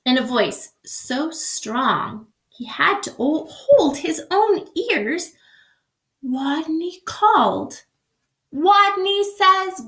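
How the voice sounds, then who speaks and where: High-voiced woman teacher reading a story. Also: roomy sound. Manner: expressive, asks the children questions. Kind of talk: reading a picture book aloud to a class.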